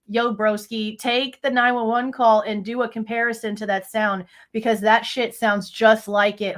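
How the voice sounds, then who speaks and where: A woman's voice: a little high, a bit bright. A young woman reacting live to true crime footage on a stream, casual and swearing often while she talks to her chat.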